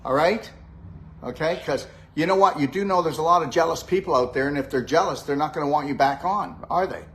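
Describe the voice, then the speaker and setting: A man's voice: on the high side, brisk, a bit bright. Upbeat older man coaching with "okay?". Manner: upbeat, coaching, repetitive "okay? all right?". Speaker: host and health practitioner. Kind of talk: live-stream chat with a guest.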